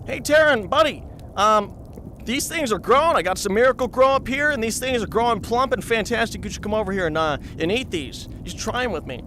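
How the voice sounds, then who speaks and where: A man's voice: sits high, expressive, a little fast, pushed and bright, slight background noise, voice pushed up. A man doing a pushy, coaxing buddy. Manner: coaxing, upbeat.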